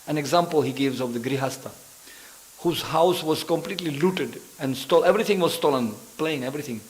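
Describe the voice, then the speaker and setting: A somewhat high, brisk male voice belongs to a visiting preacher giving a story-filled sermon in a temple hall. He animates his tales, voices characters and laughs a lot, all captured on a low-quality recording.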